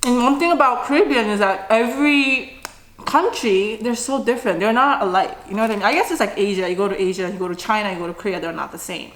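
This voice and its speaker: Quick and a bit bright, a mid-range female voice belongs to a middle-aged vlogger chatting casually over her food on camera, often with an "mm" between bites. Slight background noise and a roomy echo color the recording.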